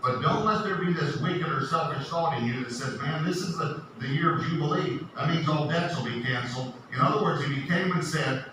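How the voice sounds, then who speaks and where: A man's voice: a little high, brisk. A man preaching a sermon, emphatic, repeating key phrases and asking the audience questions. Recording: echoey distant noisy room recording.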